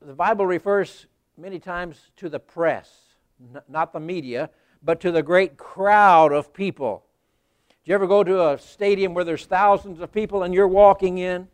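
A male preacher delivers a sermon in a folksy, storytelling style, addressing the congregation directly and rising to loud emphasis. His voice is high and his pace moderate. The recording is dry.

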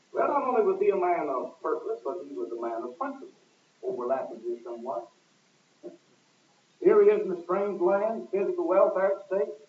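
A man preaching a sermon in a church, pressing his points with sudden loud emphasis and swinging his voice up and down. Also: high voice. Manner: emphatic, rising and falling with sudden loud stresses. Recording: echoey, distant, tinny lo-fi recording.

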